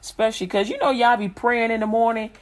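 A woman's voice: a little high, steady tone, fast. A woman from Chicago in casual chat about faith, rambling and colloquial, breaking into frequent laughter.

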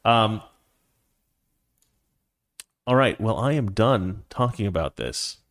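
Rambling, low-voiced male livestream host. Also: expressive, slow, fairly bright tone. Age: adult, past his teens. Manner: rambling, self-correcting, laughs often. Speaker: livestream host reading viewer comments. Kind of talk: casual livestream chat.

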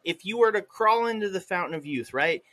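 A man's voice: high voice, animated, a little fast, pushed and bright, no room sound. A man hosting a casual podcast chat, laughing often and joking loosely. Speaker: podcast host.

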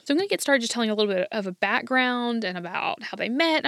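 A woman hosts a podcast and tells the story casually, in a chatty, quick way with plenty of fillers. Her pitch is mid-range, and the close mic gives a dry, dead sound. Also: fairly bright tone, no room sound. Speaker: podcast host.

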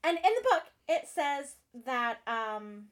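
A woman co-hosting a casual book chat, halting as she searches for words and amused at herself. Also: high-pitched, animated. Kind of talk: casual chat about books.

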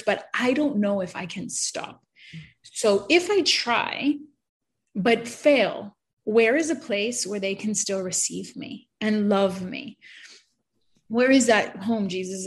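A woman in her thirties sharing an emotional faith testimony in an earnest, heartfelt way, full of fillers. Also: medium pitch.

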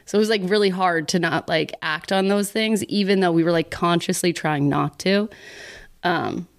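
A woman's voice: fairly low pitch, moderate pace. A young woman from Texas telling a personal story as a podcast guest, chatty and laughing often as she acts out what she once said. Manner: chatty, laughing often, acts out her own past words. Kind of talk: casual storytelling interview.

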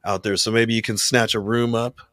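Bright-voiced joking male co-host. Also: fairly low pitch, little pitch movement, a little fast, dry recording, studio quality. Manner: joking, likes changing song words. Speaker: podcast co-host. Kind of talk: casual chat.

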